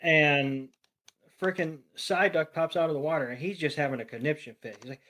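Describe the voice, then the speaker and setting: A man on a podcast, recapping a cartoon in an animated way, swearing freely and acting out characters' lines. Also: a little high, a little fast. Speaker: podcast co-panelist. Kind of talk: casual episode recap.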